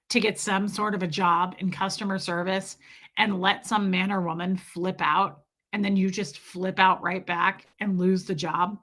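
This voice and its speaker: A woman's voice: mid-range voice, fairly bright tone. A middle-aged woman hosting a casual live stream, chatty and laughing as she reads viewer comments aloud. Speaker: livestream host reading chat.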